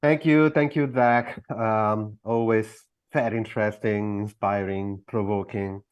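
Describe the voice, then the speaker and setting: A man's voice: fairly low pitch, steady tone, a little slow, clean tone, dry recording, highs cut off. A man moderating an online discussion, thanking the speaker and hesitantly building up a question. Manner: hesitant, repeats words while forming a question. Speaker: workshop moderator. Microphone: online video call.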